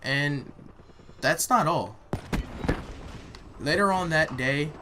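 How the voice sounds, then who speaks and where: A man's voice: fairly high pitch, extremely slow. A young man telling a heated, profane story about a bad day in a casual vlog while he plays a game. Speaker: vlogger. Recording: noisy home recording.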